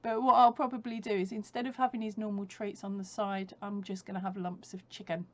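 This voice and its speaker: This crochet vlogger speaks a little fast in a level, medium-pitched voice while chatting casually at home. She tends to ramble, laughs frequently and corrects herself as she goes.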